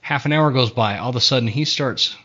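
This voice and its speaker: A man's voice: medium pitch, a little fast, a bit bright, highs cut off. A man hosting a podcast in an easygoing way, telling his own stories and asking follow-up questions. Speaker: podcast host. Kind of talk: casual podcast conversation.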